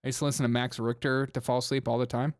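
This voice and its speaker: A man's voice: medium pitch, little pitch movement, very fast, no echo. A young man hosting a comedic political livestream, joking, laughing often and reading chat comments aloud. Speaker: live stream host. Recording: music playing behind the voice.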